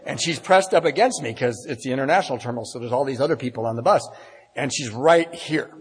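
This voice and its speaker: A man's voice: medium pitch, quick pace, slightly rough. A man telling a personal story live in a candid, wry, self-deprecating way. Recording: long reverb in a large hall.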